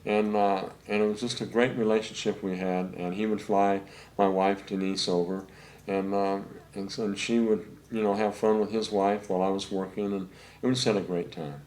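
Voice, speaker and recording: An older man, a session saxophonist, telling rambling anecdotes in a relaxed interview, full of fillers. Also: fairly low pitch, moderate pace. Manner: rambling anecdotes with many fillers, acts out quotes.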